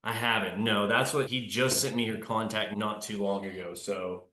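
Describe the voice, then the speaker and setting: A man's voice: on the low side, steady tone, moderate pace, pushed and bright. A man in a casual chat, easygoing and affirming, thinking his ideas through aloud. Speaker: guest, real estate investor. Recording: echoey room.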